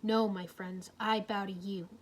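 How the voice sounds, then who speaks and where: A wise, dignified old master who speaks calmly and slowly, as a narrator puts him on. His words come measured in this storybook reading. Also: medium pitch, a little hiss or hum, lightly acted.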